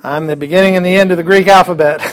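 A man's voice: high voice, steady tone, fast. A man teaching a Bible class in a casual, joking way, chuckling often and restarting his sentences.

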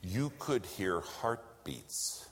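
A man preaching a sermon, telling a story and swinging between loud lines and hushed whispers. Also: sits low, expressive, extremely slow, a little hiss or hum. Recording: long hall reverb.

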